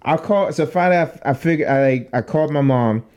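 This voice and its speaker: A man's voice: on the high side, brisk, clean tone, dull audio. A young man, a podcast co-host, telling a long profane story in casual chat and acting out the voices in it. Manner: animated, profane storytelling with acted-out quotes.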